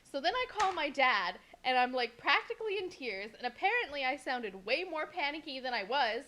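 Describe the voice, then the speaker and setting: A young woman co-hosting a podcast, telling a story in a casual, animated way, swearing freely and acting out what people said. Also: high voice, moderate pace. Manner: animated, swears a lot, acts out quotes. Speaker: podcast co-host.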